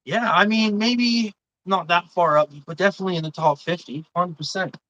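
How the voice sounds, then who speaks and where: A woman's voice: fairly low pitch, moderate pace, a bit bright, dry recording, highs cut off. A woman hosting a live stream, chatting casually and swearing a lot as she gives blunt, indignant opinions.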